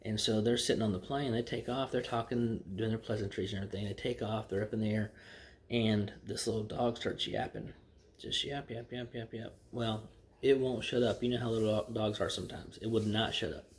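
A man's voice: fairly low pitch, fairly even intonation, brisk. A man telling jokes in a folksy, rambling way, with fillers. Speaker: joke teller. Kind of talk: casual joke telling.

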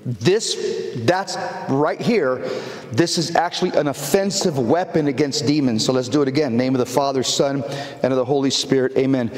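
A man's voice: mid-range voice, moderate pace, reverberant, in a large hall. A man speaking as a priest, giving an earnest teaching talk and explaining with fillers.

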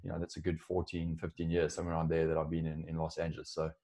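A man with a South African accent and a notably low voice, speaking as a guest on an interview podcast. He talks in a loose, conversational way, often restarting his sentences and leaning on fillers. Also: monotone, racing, warm tone. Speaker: podcast guest, software co-founder. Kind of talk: casual interview.

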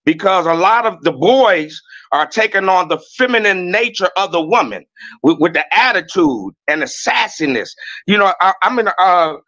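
Loud, blunt man ranting on a podcast. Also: high-pitched, dull audio. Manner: loud, blunt and profane, with many restarts. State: a little nervous. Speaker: guest. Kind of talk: heated rant on a podcast.

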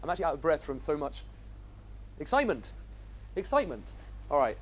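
A man's voice: fairly high pitch, rapid-fire, slight background noise. A man teaching a programming class, upbeat and quizzing his students as he goes. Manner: enthusiastic, asks the class questions. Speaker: instructor. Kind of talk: live coding lecture.

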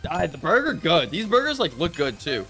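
A man's voice: a little high, big pitch swings, moderate pace, over music. A man streaming a cooking game with friends, casually explaining the mechanics in rambling, restarting sentences. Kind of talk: casual gaming chat.

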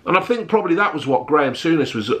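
A middle-aged man, ranting bluntly to camera in a vlog, swearing heavily and flaring up loudly. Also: on the high side, expressive, fast. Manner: blunt, heavy swearing, rising to shouty outbursts. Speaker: vlogger.

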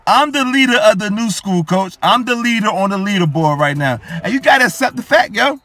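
A man's voice: sits high, animated, a little fast, bright, forceful tone. A young man giving hyped, boastful gameplay commentary, repeating his catchphrases over and over. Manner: hyped, boastful, repeats phrases ending in "coach" and "yo". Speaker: gaming YouTuber.

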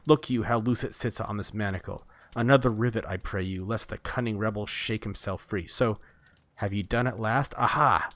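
A man reading aloud voices a fierce, pitiless male god who taunts and barks commands in a raised, forceful voice. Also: lowish voice, moderate pace, no room sound, close to an everyday voice. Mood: impatient.

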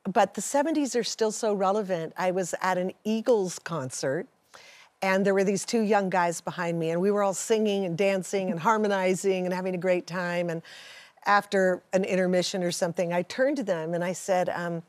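Animated woman in her sixties, dry studio sound. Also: on the low side, moderate pace, no echo. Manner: chatty, animated storyteller. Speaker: guest. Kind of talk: talk show interview.

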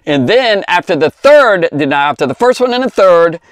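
A man teaching a Bible story to kids in a rambling, conversational way, full of fillers and asides, slowing down to stress key words. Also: high voice, very animated, no room sound. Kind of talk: informal Bible lesson for children.

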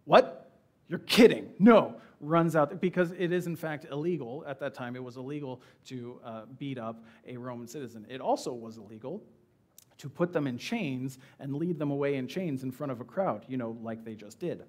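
A man preaching a sermon in a church, retelling a scripture passage in a casual, animated way and acting out the characters' lines. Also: mid-range voice, a little fast. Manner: conversational, animated storytelling with acted-out quotes. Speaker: pastor.

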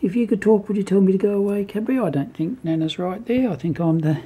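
An older man filming at home, chatting fondly to his cat and slipping into a soft whisper. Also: sits high, quick pace, breathy edge. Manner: doting and chatty, drifts between cooing and soft whispering. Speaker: cat owner filming a video. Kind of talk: casual home video, cooing to a pet.

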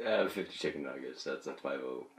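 A man with a very deep voice trades wry, quick retorts and laughs often. He sounds like a relaxed co-host. His voice echoes off the room. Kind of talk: casual chat.

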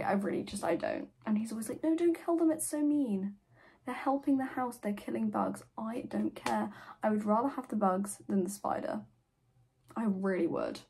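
A woman's voice: medium pitch, gravelly, mellow, slight background noise, low-quality recording. A teenage girl vlogging at home in casual chat, gushing and dramatic, swearing freely.

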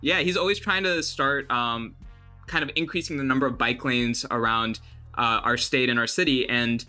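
A man's voice: medium pitch, moderate pace, sharp tone, faint music behind. A young man hosting a casual interview over a video call, friendly and sometimes tripping over his words. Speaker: interview host.

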